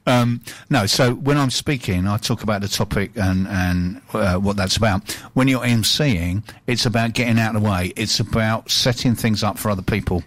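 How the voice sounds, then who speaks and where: A man with a fairly low voice co-hosts a casual radio chat, joking and telling stories with frequent laughs. His voice is close and dry on the studio mic. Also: normal speed, few pauses, no echo. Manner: jokey storyteller, laughs often. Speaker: radio co-host.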